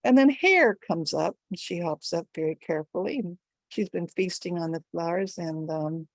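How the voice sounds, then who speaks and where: An older woman telling a folktale at a storytelling event, with an animated, expressive delivery. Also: on the low side, moderate pace, no room sound.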